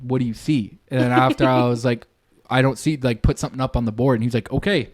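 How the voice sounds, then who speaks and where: A young man tells a long story on a casual podcast, rambling along with plenty of slang and swearing. His voice sits in an ordinary middle pitch. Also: flat delivery, quick pace, background noise. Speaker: podcast co-host. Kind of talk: casual chat.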